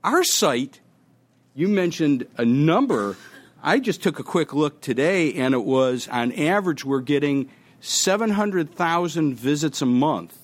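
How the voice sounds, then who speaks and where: Man, panel speaker, conference talk, animated, joking storyteller, lively swinging pitch.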